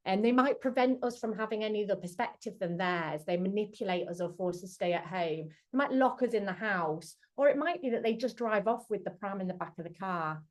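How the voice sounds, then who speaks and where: Woman, earnest webinar speaker, video call mic, mid pitch, acts out quotes. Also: lively intonation, a little fast, few pauses. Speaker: charity chief executive speaking at a webinar. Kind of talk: talk on domestic abuse. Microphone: computer mic on a video call.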